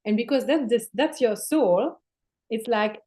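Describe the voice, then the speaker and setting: Here the guest is a woman spiritual teacher with a fairly high voice and a slightly slow delivery. In this casual spiritual chat she curses offhandedly and occasionally lowers her voice to soft near-whispers.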